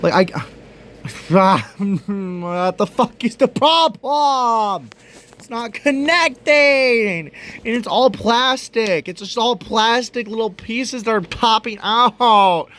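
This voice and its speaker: A man's voice: very high-pitched, slow pace, a bit bright. A young man ranting on video, exasperated and swearing, often breaking into laughter. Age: young adult. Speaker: vlogger. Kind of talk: profane rant video.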